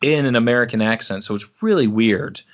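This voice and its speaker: A man's voice: mid-range voice, brisk, highs cut off. A man in casual chat about movies, rambling and enthusiastic.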